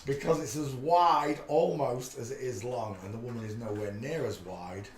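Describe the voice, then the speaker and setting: A man's voice: mid-range voice, moderate pace, echoey room, slight background noise. A man hosting a casual live stream, chatting in a rambling way with many filler sounds. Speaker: livestream host.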